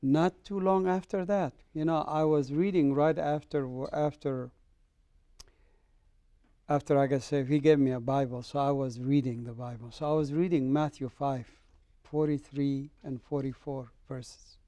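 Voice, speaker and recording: Middle-aged man from the Middle East, interview guest, animated storyteller, mellow tone, dry close sound. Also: a little high, unhurried, no echo. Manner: animated storyteller, acts out dialogue. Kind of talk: personal testimony in an interview.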